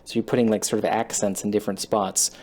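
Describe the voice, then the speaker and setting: A man's voice: on the low side, little pitch movement, fast, a little mellow. A man thinking aloud while he learns a guitar part, rambling and poking fun at himself as he plays. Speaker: guitarist learning a song on camera. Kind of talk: casual self-taught guitar lesson. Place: home studio with a loud computer. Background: his own guitar playing.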